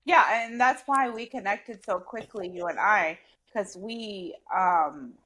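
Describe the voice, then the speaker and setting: A woman's voice: medium pitch, slow, sharp tone, a little hiss or hum. A woman co-hosting a podcast in casual chat, talkative and giggly, with many "like" and "um" fillers. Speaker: podcast co-host.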